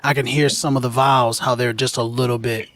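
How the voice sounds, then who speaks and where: Animated man, slangy chat. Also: medium pitch, brisk. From United States. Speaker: co-host. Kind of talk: casual podcast chat.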